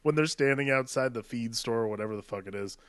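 Male podcast co-host, bright dry voice, loose rambling delivery with frequent laughs. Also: medium pitch, fast talker, dry recording. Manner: rambling, laughs often, mimics actors. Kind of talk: casual movie chat.

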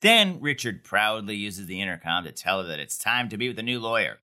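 Man, podcast co-host, low voice, bright forceful tone, wry casual recap. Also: sing-song, brisk. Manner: wry, joking, conversational.

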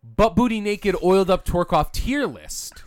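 A man's voice: high-pitched, expressive, unhurried, very noisy. A young man co-hosting a casual podcast, crude and joking, slipping into silly voices. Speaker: podcast co-host. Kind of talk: casual chat.

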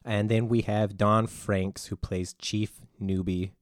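A young man from Canada hosts a casual movie podcast, talking loose and joking and swearing now and then. His voice sits fairly low, and the sound is close and dry with no room around it. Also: flat delivery, takes it slowly, no room sound. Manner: loose, joking, swears, reads cast notes. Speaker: podcast host.

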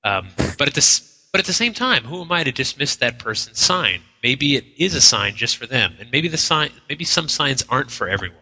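Male co-host, very bright tone, chatty storyteller, long hall echo. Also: mid-range voice, big pitch swings, a little fast, hardly any pauses. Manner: storytelling with acted-out quotes and frequent restarts. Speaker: co-host of a live paranormal radio show. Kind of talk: casual on-air chat. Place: inn function room at a live broadcast.

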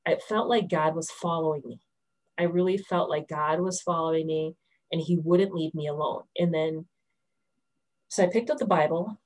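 Woman in her thirties, lowish voice, candid faith testimony with restarts. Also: a little mellow, low-quality recording. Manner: candid, storytelling, many restarts. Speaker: testimony speaker.

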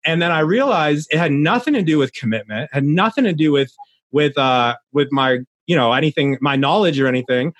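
A man's voice: fairly high pitch, expressive, fairly quick, a bit bright, no room sound. A young adult man, a podcast guest, talking earnestly in a casual interview, rambling with many restarts.

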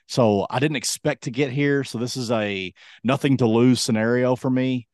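A man co-hosting a casual sports podcast, rambling and hesitant with many ums, his voice going a bit hoarse. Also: mid-range voice, moderate pace, a little mellow, no echo, clean studio sound. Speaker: podcast co-host.

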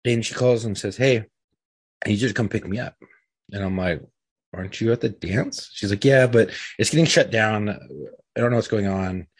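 A man's voice: lowish voice, moderate pace, slightly rough, no echo. A middle-aged man telling a story in casual, rambling chat, swearing freely and leaning on fillers. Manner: profane, rambling, uses lots of fillers. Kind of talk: casual storytelling among friends.

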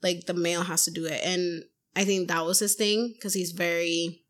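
Bubbly, loud woman guest; lively, frank, acts out the quotes. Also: lowish voice, moderate pace. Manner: loud, bubbly, animated storytelling. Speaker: podcast guest. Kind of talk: casual chat.

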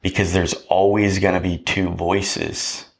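A man's voice: deep voice, flat delivery, unhurried, gravelly. A man hosting a podcast, giving a motivational talk in a preachy way, often checking in with "right?". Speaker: podcast host.

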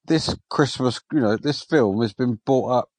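A man chats on a film podcast, defending his choice with mild exclamations. His voice sits at an ordinary middle pitch. The recording is dry and close, with no room sound. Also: normal speed, a little mellow, no room sound. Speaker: podcast co-host. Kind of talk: casual film review chat.

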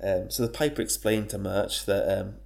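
Man, podcast co-host, casual sweary storytelling, lowish voice, laughs a lot. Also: normal speed, creaky. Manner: swearing, laughing, slangy, bursts into shouted character voices. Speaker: podcast co-host retelling a legend.

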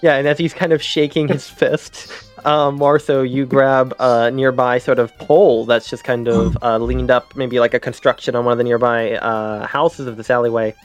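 A man's voice: mid-range voice, flat delivery, moderate pace. A man runs a tabletop game, narrating in a loose, rambling way full of ums and likes. Faint music plays beneath his voice. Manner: loose, rambling, many fillers. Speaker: game master.

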